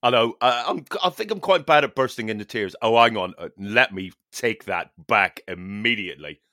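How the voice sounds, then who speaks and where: A man hosts a casual podcast chat, swearing freely and poking fun at himself. His voice is bright and swings up and down a lot. The sound is dry and close. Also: on the low side, animated, normal speed, no echo. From Northern Ireland. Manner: sweary, self-mocking. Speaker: podcast host.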